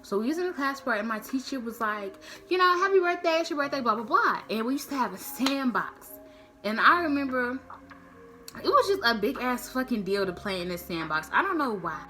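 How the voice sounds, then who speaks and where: A woman's voice: fairly high pitch, moderate pace, soft background music. A woman telling a casual, slangy, profane story to camera, acting out the people in it. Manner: slangy, profane, animated, acts out quotes. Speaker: storytime vlogger.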